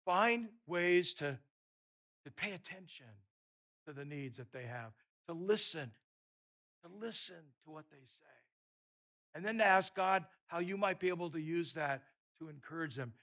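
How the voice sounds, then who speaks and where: A man preaching a sermon, telling a personal story in a lively way and often repeating words. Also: a little high, a little slow.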